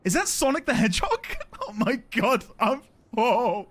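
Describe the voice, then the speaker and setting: A male streamer reacts to gameplay in a high, wildly swooping voice, drawing out his words slowly. Loud game music plays under him. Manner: excitable, laughing, exclaiming. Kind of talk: excitable gameplay clips.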